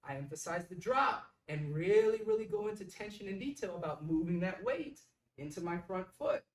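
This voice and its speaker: A coach walks through pitching drills step by step, leaning hard on key words. The voice sits at an ordinary pitch and sounds set back from the mic in an echoey room. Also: lively intonation, normal speed, distant mic. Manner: emphatic, stresses key words. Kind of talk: instructional explanation.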